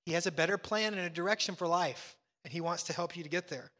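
A middle-aged man preaching a sermon as pastor, animated and acting out bits of dialogue. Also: sits high, quick pace, big-room sound.

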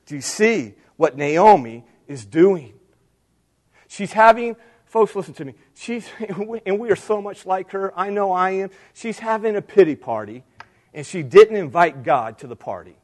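A man's voice: sits high, big pitch swings, unhurried. A man preaching a sermon, speaking straight to his congregation and building emphasis on key lines. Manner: preaching with rising emphasis and direct appeals. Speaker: pastor.

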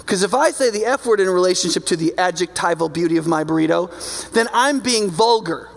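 A male preacher with a high, gravelly voice delivers a sermon in a conversational, emphatic way. He keeps checking in with his listeners as he talks. His voice rings out with a long hall reverb. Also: lively intonation, brisk.

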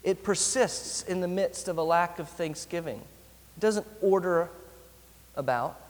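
A pastor delivers a sermon in an earnest, emphatic way, slowing down to lean on his key phrases. His voice sits a little on the high side for a man. The sound carries the long reverb of a large hall.

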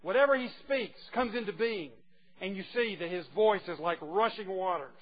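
A man preaching a sermon, emphatic and teasing, swinging from quiet asides to loud declarations. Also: sits high, normal speed. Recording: dull lo-fi recording with faint noise.

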